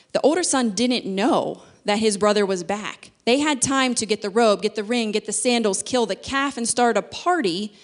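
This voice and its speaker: A woman giving a sermon in a conversational way, explaining with everyday examples. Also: medium pitch. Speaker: speaker.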